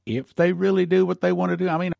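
A man's voice: high-pitched, flat delivery, fast, vocal fry, a little mellow, no room sound. A male pastor preaching on prophecy in a fervent, emphatic broadcast style.

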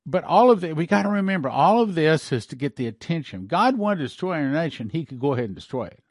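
A man's voice: on the high side, big pitch swings, fast talker, dry recording. Male preacher, reads dream accounts then comments, dry close mic. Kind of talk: sermon reading and commenting on dreams.

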